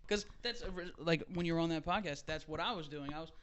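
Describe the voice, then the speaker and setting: A man's voice: on the high side, fast, a bit bright, slight background noise. A man hosting a podcast, talking bluntly and swearing in casual chat. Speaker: podcast host.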